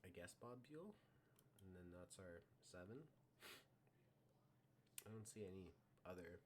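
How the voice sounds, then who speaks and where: Deep-voiced man muttering through a game. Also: animated, unhurried, darkish tone, slight background noise. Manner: muttering to himself, self-mocking. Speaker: streamer drafting a baseball card team. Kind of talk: live game stream commentary.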